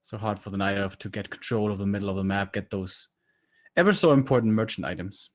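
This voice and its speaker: A man's voice: lowish voice, fast. A man casting a live strategy game match, breaking down the play in detail and critiquing the decisions. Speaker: esports caster.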